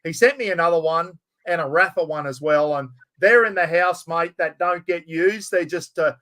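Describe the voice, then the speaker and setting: A man's voice: on the high side, moderate pace, sharp tone, poor audio. An older Australian man hosting a casual live-stream chat, friendly and matey, calling everyone mate. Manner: matey, says "mate" constantly. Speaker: host.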